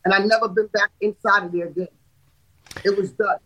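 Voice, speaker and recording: A woman's voice: mid-range voice, steady tone, fairly quick, sharp tone, rough recording. A middle-aged woman, an artist manager and guest, talking in an emphatic way and repeating herself for stress in a casual podcast studio chat.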